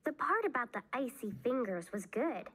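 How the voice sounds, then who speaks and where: A woman's voice: on the high side, very animated, moderate pace, fairly bright tone, slightly rough, voice pushed up, exaggerated voice. A woman reading aloud, voicing a serious young girl who plays at being a witch, earnest and a bit bossy. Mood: chatty.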